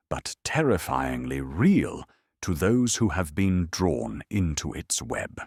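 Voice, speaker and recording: Male sleep-story narrator: deep, breathy, wide-ranging lilt, soothing pace. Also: no echo, clean studio sound. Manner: slow, soothing, measured storytelling.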